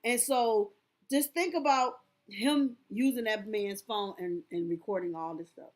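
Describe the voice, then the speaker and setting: A woman's voice: medium pitch, unhurried. A woman hosting a live stream, reading documents aloud and breaking off into exclamatory, chatty commentary to her viewers.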